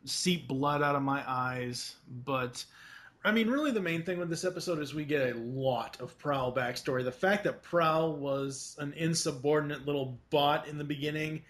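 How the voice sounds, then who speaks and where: A man co-hosting a podcast in casual chat, relaxed and hesitant, with many filler words. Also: a little high, normal speed. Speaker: podcast co-host.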